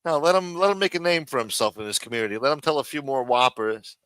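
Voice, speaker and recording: A man's voice: mid-range voice, fast, a bit bright, smooth, dry recording. A man hosting a live stream in a casual, profane rant, with many fillers, repeated phrases and muttered asides.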